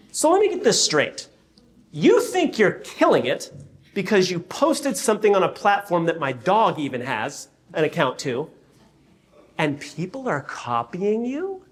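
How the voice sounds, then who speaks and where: A man's voice: high voice, measured pace. A man, a real estate coach, giving a keynote talk and acting out conversations with raised voices. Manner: animated storyteller, acts out dialogue in raised voice.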